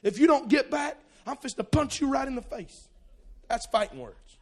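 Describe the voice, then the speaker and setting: A man preaching a sermon in a church, loud and gravelly, swinging from low asides to shouted lines. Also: animated, a little fast.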